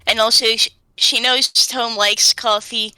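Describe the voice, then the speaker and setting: A woman's voice: on the high side, fairly even intonation, measured pace, pushed and bright, clear, resonant tone, no room sound. A woman chatting casually as a player in a tabletop game, easygoing and rambling. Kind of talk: casual chat between players.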